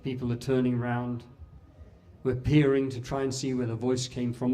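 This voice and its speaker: A man giving a talk in an impassioned storytelling way, with dramatic pauses. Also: medium pitch, little pitch movement, warm tone, far from the mic. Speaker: speaker at a talk. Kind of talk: storytelling speech.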